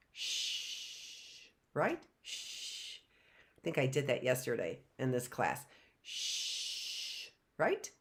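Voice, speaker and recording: A woman teaching a live phonics lesson, sounding out letters and answering her own questions, often asking "right?". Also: sits low. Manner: asks the class and answers herself, sounding out letters; drawn-out, repeated sounds and frequent "right?".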